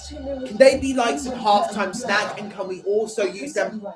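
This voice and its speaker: A man's voice: sits high, unhurried. A teenage boy from the United Kingdom hosting a casual livestream, rambling and joking with his live chat. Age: teens. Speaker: livestream host. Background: music and TV audio.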